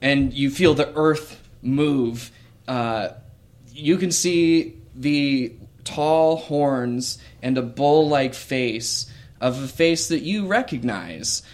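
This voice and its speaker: A man's voice: mid-range voice, expressive. A man narrating a tabletop game as game master, with frequent hesitations and fillers. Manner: slow, hesitant, with many fillers.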